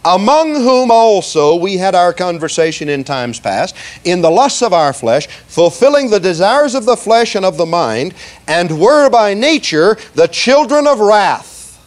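Male preacher with a high voice, emphatic and slow on key words, checks in with the congregation. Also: very animated. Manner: emphatic, slows down to stress words, leads the congregation in repeating lines; asks "okay?" and "see?" often. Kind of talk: sermon.

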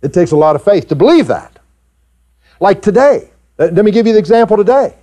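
A man preaching a sermon to his congregation, animated and rising high in pitch when he acts out doubters. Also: a little fast. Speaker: pastor. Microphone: pulpit mic recorded for tape.

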